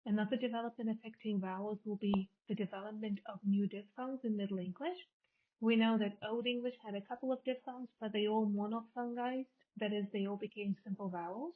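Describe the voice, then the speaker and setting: A woman's voice: medium pitch, steady tone, brisk. Female lecturer, patient explainer who restates each term; narrow phone-like recording. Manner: explanatory, repeats and rephrases terms. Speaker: linguistics lecturer. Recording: tinny phone-like audio.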